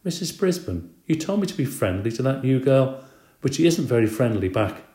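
An impatient young schoolgirl grumbles about a classmate in a whiny, complaining tone, as a man reading a storybook puts her on. The voice is pushed up above his deep, mellow reading voice, in a roomy, echoey space. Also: very animated, normal speed, natural voice. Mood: grumbling. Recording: roomy echo.

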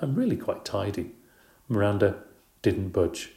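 A man's voice: low voice, expressive, moderate pace, dark tone. Guy reading a kids' story aloud, playful and chatty, echoey room. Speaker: audiobook narrator. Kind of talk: first-person storybook narration.

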